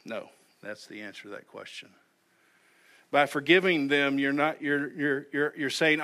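A man's voice: a little high, unhurried, bright, forceful tone. A male pastor preaching a sermon in an earnest way, often repeating words as he starts a sentence. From United States.

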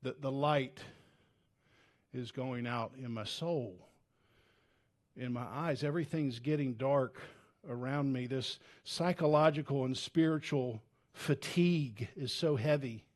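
A man preaching a sermon as a pastor, earnest and conversational, swinging from loud urgency to hushed, low tones, with frequent restarts. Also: a little slow. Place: church.

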